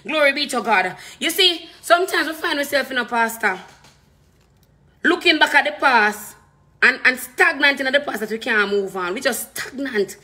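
A woman preacher with a Jamaican accent delivers a sermon with fervent, emphatic force. Her voice sits high and rings bright and forceful. She drives her points home through repetition and drifts freely between patois and standard English. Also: lively intonation, normal speed. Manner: impassioned, emphatic preaching with repeated phrases.

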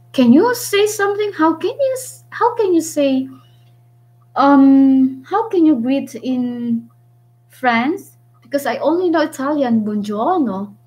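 A young woman with a Filipino accent chats casually with her vlog viewers. She speaks slowly in a slightly high voice, filling gaps with ums as she thinks aloud. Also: darkish tone, poor audio. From Philippines. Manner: chatty, thinks aloud with many ums and pauses. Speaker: vlogger. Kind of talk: casual live-stream chat with viewers.

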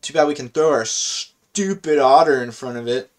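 Excitable slangy young-sounding man gaming. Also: on the high side. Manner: chatty, slangy, excitable, thinks aloud. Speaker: gaming video host. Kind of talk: casual live gameplay commentary.

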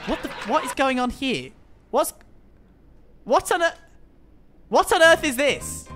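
A young man chatting while streaming a game, excitable and theatrical, with mock outrage. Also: extremely high pitch, normal speed, pauses often. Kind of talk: casual gaming stream chat. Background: game music.

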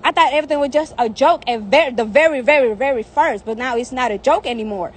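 A high-voiced young woman vents on a phone live stream from outside. Her talk is heated, profane and repetitive, and she hammers the same points again and again. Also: quick pace, husky. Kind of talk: angry live-stream rant. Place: outdoors in the heat.

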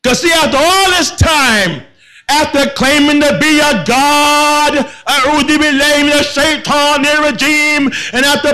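High, bright-voiced preaching man. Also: low-quality recording. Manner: impassioned, shouting, repetitive. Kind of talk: sermon.

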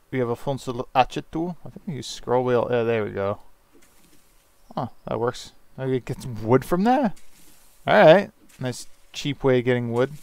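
A man's voice: mid-range voice, gravelly, darkish tone. A man on a headset mic, rambling through casual let's-play commentary with self-deprecating jokes and casual swearing. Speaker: gaming channel host.

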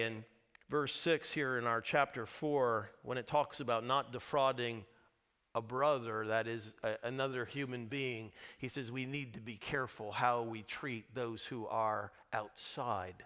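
Bright-voiced man preaching with drama. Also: mid-range voice, fairly even intonation, a little slow, clean tone. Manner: dramatic storytelling, acting out voices. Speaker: pastor. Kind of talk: sermon. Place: church.

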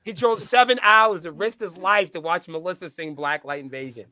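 A man with a high, bright and forceful voice tells a rowdy road story as a podcast guest. He swears freely and acts out each line of dialogue. The sound is close and dry, with no room echo. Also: moderate pace. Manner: profane, animated, acts out dialogue. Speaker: band member, guest. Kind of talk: casual storytelling.

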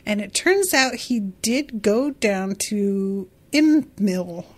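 A woman's voice: mid-range voice, lively intonation, takes it slowly. A woman hosting a casual book podcast who gushes, giggles and swears casually. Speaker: podcast host.

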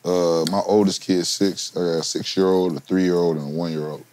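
A man talking in blunt, profane street slang as a podcast guest, laid-back and quick. His voice sits low and the words tumble out fast. The sound is close and dry, with no room around it. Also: fairly even intonation, darkish tone, no room sound. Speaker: guest, rapper. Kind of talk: casual chat.

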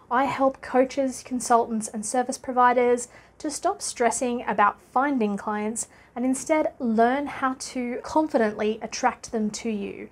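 An Australian woman with a slightly high voice talks to camera as a business coach in a casual vlog. She's chatty and upbeat, laughs often and fills pauses with "uh."

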